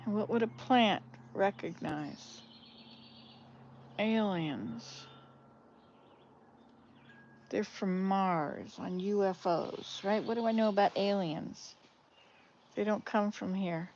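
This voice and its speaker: Slow-talking grandma vlogger, lo-fi sound. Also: female voice, mid-range voice, a little hiss or hum. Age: older. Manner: chatty, laughs loudly at punchlines. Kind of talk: casual chat telling jokes. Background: birdsong.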